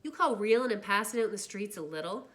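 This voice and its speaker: A woman voicing a poised, insistent teenage girl in a book reading, lifting her voice higher for the part. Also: fairly quick, fairly bright tone, natural voice. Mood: stern. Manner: higher, urgent voice.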